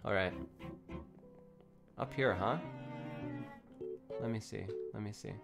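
A young man streaming a game in a casual, giggly way, thinking aloud and chatting excitedly with his viewers. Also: fairly low pitch, takes it slowly, gravelly. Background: faint background music.

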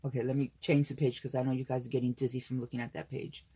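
A woman's voice: rumbling low, flat delivery, fast, mellow, slightly rough. An older American woman hosting a casual crafting unboxing, gushing and gasping with delight over papers. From United States. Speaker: crafting channel host.

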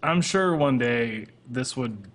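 Over a voice call on a computer mic, a man hosting a laid-back podcast chats in a rambling, hesitant way with casual swearing. He has a medium-pitched, animated, slightly bright voice and takes his time speaking.

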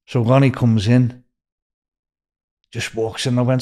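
An older man with a Liverpool accent, a podcast guest telling lively, swear-filled stories and acting out the voices. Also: mid-range voice, unhurried, long pauses. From Liverpool, England. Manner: animated, swears freely, acts out voices in stories. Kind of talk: storytelling interview.

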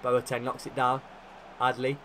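A young man commentating his own football video game career with lively, animated energy and sudden shouts. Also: medium pitch, moderate pace, crowd noise. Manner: animated, shouts at big chances. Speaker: gaming YouTuber. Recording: faint guitar music behind.

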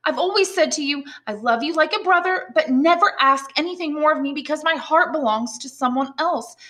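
A woman's voice: sits high, brisk, pushed and bright, pitched above the performer's own voice. A woman reading aloud, voicing a poor young orphan girl who speaks firmly and frankly in a raised, insistent voice. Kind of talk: audiobook reading.

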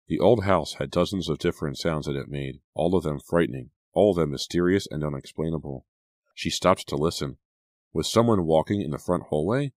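An audiobook narrator with an extremely deep, low male voice reads a scripted horror story in a measured, suspenseful way. The recording is dry and close, with no room sound at all.

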